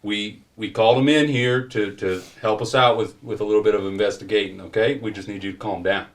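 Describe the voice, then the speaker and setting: A man voicing a small-town male police officer trying to calm an angry crowd. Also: on the low side, brisk, lightly acted. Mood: placating. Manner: soothing, pleading.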